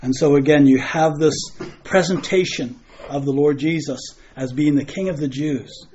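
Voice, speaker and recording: Earnest preacher, muffled recording. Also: male voice, a little high, normal speed, a little mellow, slight background noise. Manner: earnest preaching with frequent restarts and repeated phrases. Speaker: pastor. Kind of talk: sermon.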